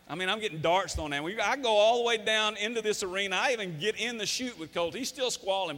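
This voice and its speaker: A man in his fifties tells folksy stories in a motivational talk and leans hard on the key words. His voice sits fairly high and bright. A long hall reverb hangs behind everything he says. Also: fast talker, hardly any pauses. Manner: folksy, emphatic storyteller. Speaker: speaker, former football coach.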